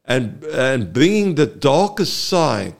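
A man, a therapist, explaining earnestly in an interview, halting often with fillers. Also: mid-range voice, big pitch swings, vocal fry. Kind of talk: explaining in a talk-show interview.

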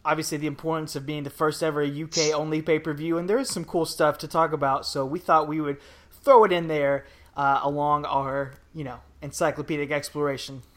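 A man's voice: a little high, fairly even intonation, a little fast. A man co-hosting a podcast, talking in a casual, upbeat, chatty way with a few fillers. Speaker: podcast co-host.

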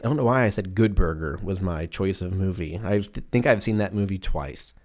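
He's a solo podcast host in his twenties, talking a little fast in a low, slightly mellow voice. He rambles, swears freely and puts on exaggerated silly voices, recording at home in a room with the windows open.

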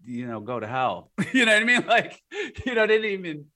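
A man as an interview guest, telling stories in a rambling, animated way with frequent laughs and fillers. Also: sits high, fast talker. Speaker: guest, art collector. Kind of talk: casual interview storytelling.

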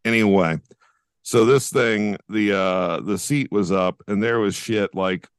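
Deep-voiced laid-back man. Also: a little slow, smooth, no echo, clean studio sound. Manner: laid-back, blunt, swears freely. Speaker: podcast co-host. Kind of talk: casual chat.

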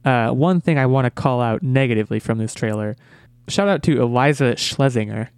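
A man's voice: mid-range voice, brisk, clear, resonant tone, dry recording. A man hosting a casual movie podcast, talking eagerly and often repeating words as he restarts. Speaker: podcast host.

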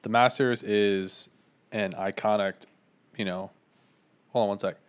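A man's voice: lowish voice, fairly even intonation, a little slow, slight background noise. A young man co-hosting a podcast, talking in a laid-back, rambling, slangy way. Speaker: podcast co-host. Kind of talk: casual chat.

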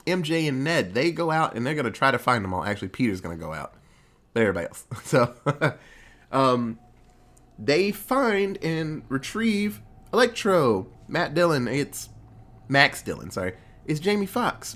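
A man giving a casual, profane movie recap, excitable and acting out the quotes. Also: mid-range voice.

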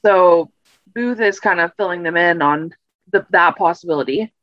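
A woman's voice: lowish voice, normal speed, dry recording. A woman co-hosting a podcast, retelling a TV episode in a casual, rambling way and correcting herself as she goes. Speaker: podcast co-host. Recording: dull lo-fi recording.

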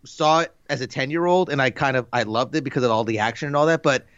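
A man's voice: mid-range voice, fast talker, fairly bright tone, smooth, no room sound, lo-fi sound. A man in his thirties co-hosting a podcast, chatting casually in a rambling, laid-back way full of fillers. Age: 30s. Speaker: podcast co-host. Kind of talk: casual chat.

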